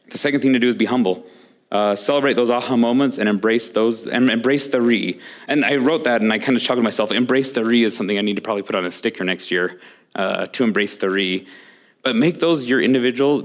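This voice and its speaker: A man giving a conference talk in a candid storytelling way, acting out the people he quotes. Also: mid-range voice. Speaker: conference speaker.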